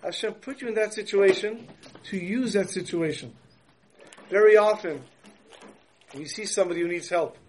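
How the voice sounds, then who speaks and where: A man, a religious teacher, telling a story and explaining its lesson in a lively, storytelling sermon. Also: sits high, normal speed, long pauses, a little hiss or hum, low-quality recording.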